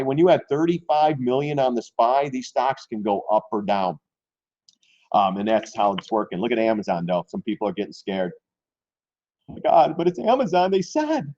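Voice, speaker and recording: A man hosting a live stream on stock trading, talking loosely and mocking himself, often clearing his throat. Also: lowish voice, warm tone, lo-fi sound. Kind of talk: casual live-stream market commentary.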